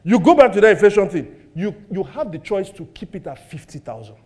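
A middle-aged man with a Nigerian accent, a pastor preaching a sermon with animated rhetorical questions and jokes about his own household. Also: high-pitched, a little fast.

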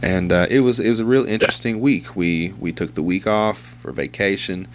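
A very low-voiced man, rambling through crude stories in relaxed chat. He swears freely and laughs at his own tales. A faint hum sits under the recording. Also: moderate pace. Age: young adult to middle-aged, father of a two-year-old. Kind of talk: casual chat.

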